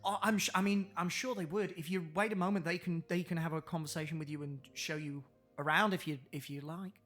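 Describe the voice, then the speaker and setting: A game master voicing a courteous kobold temple cleric who speaks haltingly, with many pauses and ums. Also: mid-range voice, fairly even intonation, a bit bright, soft background music, pitched above the performer's own voice, natural voice. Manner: polite, halting, full of ums.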